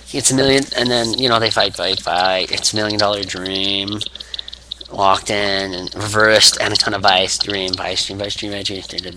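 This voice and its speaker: A man's voice: fairly low pitch, normal speed. Rambling man with a hissy recording. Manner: rambling, full of restarts and acted grunts. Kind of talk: casual vlog monologue. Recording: steady background hiss.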